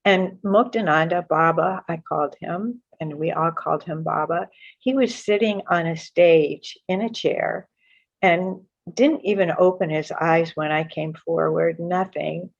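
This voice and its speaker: Woman guest with a lowish voice; earnest, halting, self-correcting storyteller; dull lo-fi recording. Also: creaky. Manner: earnest, halting with many restarts. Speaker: guest author. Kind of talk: personal spiritual storytelling. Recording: muffled lo-fi audio.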